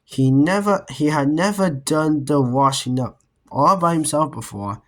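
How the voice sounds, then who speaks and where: A man reading a children's book aloud in a slow, careful way. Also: on the high side. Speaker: reader.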